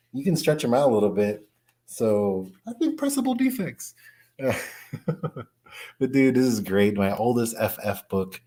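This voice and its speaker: A man chatting casually on a livestream as a comic collector, excitable, slangy and laughing often. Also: medium pitch.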